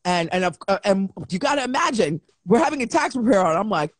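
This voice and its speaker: A woman hosting a live show, telling stories with animated energy and acting out back-and-forth exchanges. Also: mid-range voice, fast, no echo. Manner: animated storyteller who acts out exchanges. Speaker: host of a live online show. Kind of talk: casual live-stream chat. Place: at home.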